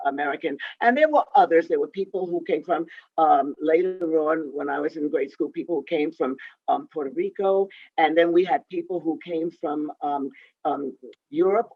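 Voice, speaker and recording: A woman in her eighties telling a story from her youth in a halting way, with many restarts and fillers. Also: sits low. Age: 80s. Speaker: interviewed composer and pianist. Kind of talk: reminiscing storytelling. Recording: dull, dry lo-fi sound.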